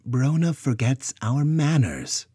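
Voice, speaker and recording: A man voicing a tall Bigfoot diplomat who speaks in a calm, formal way. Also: medium pitch, slow, breathy edge, no room sound, voice pushed up, full character voice. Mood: soothing. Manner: soothing, formal.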